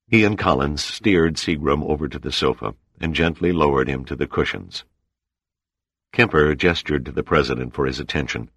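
Very deep-voiced male audiobook narrator. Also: animated, normal speed, creaky, fairly bright tone, husky, no room sound, clean studio sound. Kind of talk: scripted narration.

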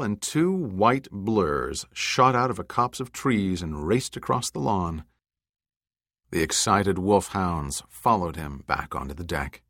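A man narrating a novel as an audiobook reader, in a measured, even storytelling manner. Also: low-pitched, no echo, studio quality. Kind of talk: scripted narration.

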